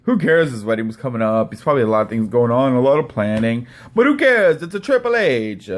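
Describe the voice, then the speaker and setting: A man's voice: medium pitch, very animated, fairly quick, close to an everyday voice. A man doing a mocking impression of a fawning male podcaster, whiny and stammering. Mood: sneering mockery.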